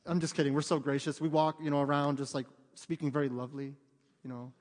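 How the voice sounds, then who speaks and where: Fervent, joking pastor in a reverberant hall. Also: male voice, fairly high pitch, little pitch movement, fast talker. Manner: conversational, joking asides, rising to fervent emphasis. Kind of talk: sermon. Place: church sanctuary. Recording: long reverb of a church hall.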